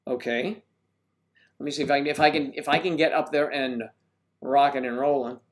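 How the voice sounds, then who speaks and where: Speaking at a moderate pace with medium pitch and fairly even intonation, an older man runs a laid-back livestream. He calls out viewers by name and rambles on while fiddling clumsily with his gear.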